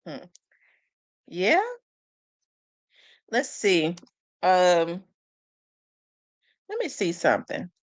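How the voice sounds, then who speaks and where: A woman's voice: fairly low pitch, sing-song, drawn-out words, long pauses, no room sound. A woman hosting a casual live commentary, chatty and asking questions aloud as she talks to her viewers. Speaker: host.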